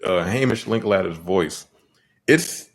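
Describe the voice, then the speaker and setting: A man's voice: low voice, animated, slow, gravelly, crowd noise. A man co-hosting a podcast in casual chat, blunt and profane with laughing asides. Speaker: podcast co-host.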